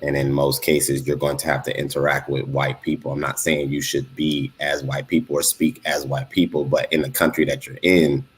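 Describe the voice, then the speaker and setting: A man from Los Angeles with an extremely deep, low voice, speaking in a casual panel chat. He feels his way through questions, pausing with ums and restarting his sentences. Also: level tone, slight background noise. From Los Angeles, USA. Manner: hesitant, questioning, many fillers. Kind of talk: casual discussion.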